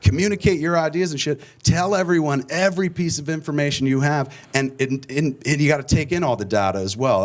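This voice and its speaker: Profane animated man telling stories. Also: a little high. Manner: profane, rambling, animated storyteller. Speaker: filmmaker guest speaker. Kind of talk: storytelling conference talk. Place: conference stage before an audience.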